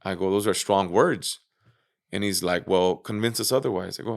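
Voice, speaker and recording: A man's voice: sits low, moderate pace, creaky. A man being interviewed on a podcast, casually retelling his own story with lots of fillers, swearing and acted-out quotes. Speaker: interview guest.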